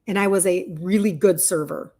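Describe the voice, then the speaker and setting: A woman's voice: on the low side, steady tone, normal speed, dark tone. A woman in her fifties, a health and wellness coach, chatting heartfelt and open on a livestream and reading viewer comments. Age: 50s.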